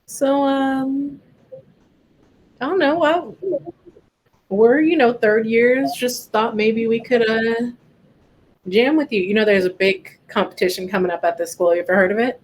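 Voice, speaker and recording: A woman's voice: a little high, unhurried, pauses often. A woman playing a tabletop game who speaks in a laid-back, friendly way. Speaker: player. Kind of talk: casual tabletop play.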